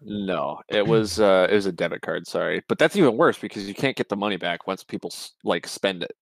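A young man co-hosting a podcast tells a long, rambling story, swearing and peppering it with fillers and restarts. His voice is deep and gravelly, his delivery brisk, with no echo.

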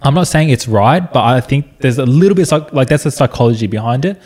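A man's voice: mid-range voice, expressive, fast talker, a little mellow. A young man in casual couple chat, arguing his side with self-mocking humor. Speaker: vlogger.

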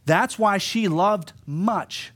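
Animated preaching man, slightly high voice. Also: extremely slow. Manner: animated preaching, voicing quoted speakers, drops to soft emphasis. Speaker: pastor. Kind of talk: sermon.

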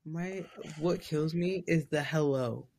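Low husky-voiced young woman venting. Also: takes it slowly. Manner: low-key, trailing off quietly, blunt slang. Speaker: podcast co-host. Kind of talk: casual chat.

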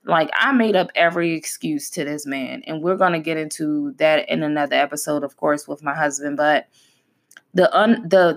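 Candid, heartfelt woman podcast host. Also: sits low. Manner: conversational and heartfelt, with emphatic repetition. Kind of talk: candid personal talk.

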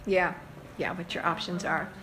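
A woman giving casual, folksy advice to a caller, animated and emphatic, often laughing as she talks. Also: on the low side, moderate pace, noisy background. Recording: echoey room with faint ambience.

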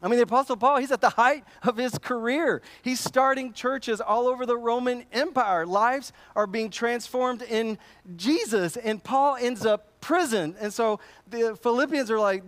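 A man's voice: very high-pitched, moderate pace, a bit bright. A man preaching a sermon to his congregation, conversational and emphatic, often repeating words as he goes. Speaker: pastor.

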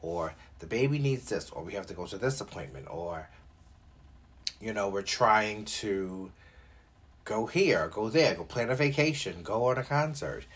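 A young man talks to his listeners in a loose, unscripted solo podcast. His voice is low and a little husky, and his pitch jumps around animatedly as he jokes, curses and pads his sentences with "like.". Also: measured pace. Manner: animated and joking, with frequent profanity and filler likes. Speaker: podcast host. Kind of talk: casual solo podcast chat.

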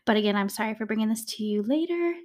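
A woman's voice: mid-range voice, expressive, fast. A woman hosting a true crime podcast, telling the case in a chatty, conversational way with dramatic emphasis. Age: adult, a parent. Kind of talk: casual true-crime storytelling.

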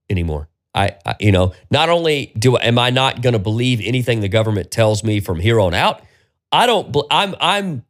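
A man hosting a solo podcast, ranting with exasperation and plenty of profanity. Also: medium pitch. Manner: profane, exasperated, animated rant. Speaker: podcast host.

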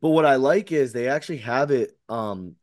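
A man's voice: medium pitch, normal speed, darkish tone, dry recording, clean studio sound. A man co-hosting a casual podcast, rambling with fillers and restarts. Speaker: podcast co-host. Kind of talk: casual chat.

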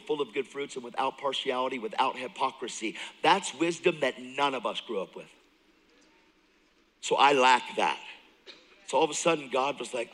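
Male guest preacher with a bright, forceful voice, animated testimony with loud bursts and hushed asides. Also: mid-range voice, big-room sound, poor audio. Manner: animated storytelling, jumps between loud and hushed; laughs often, talks straight to the crowd. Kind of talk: sermon, personal testimony. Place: church service.

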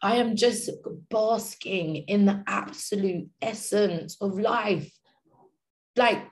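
A woman's voice: medium pitch, takes it slowly. A woman giving an inspirational talk, passionate and slangy, driving her points home with repetition. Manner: passionate, slangy, repeats phrases for emphasis.

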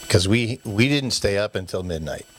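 A man's voice: fairly low pitch, normal speed, breathy edge. A man from the United States casually telling childhood stories, acting out his parents' voices as he goes. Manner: animated storyteller who acts out parents' voices. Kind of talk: casual storytelling chat.

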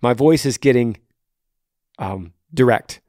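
A man hosting a podcast, answering a listener's question on faith with passion, swinging between hushed and raised delivery. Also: medium pitch, expressive, slow, no echo, studio quality. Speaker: podcast host.

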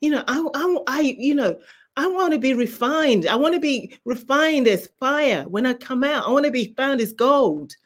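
Woman guest on an interview, a bit high-pitched, preaching her testimony, fervent, keeps repeating for emphasis. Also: lively intonation, moderate pace. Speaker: guest author.

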